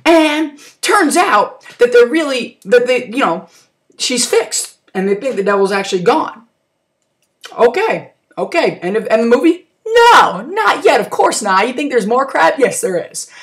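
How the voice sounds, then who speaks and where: A woman's voice: fairly high pitch, animated, normal speed. A woman gives a rambling, slangy comic recap of a horror movie, full of mock outrage. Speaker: amateur movie reviewer.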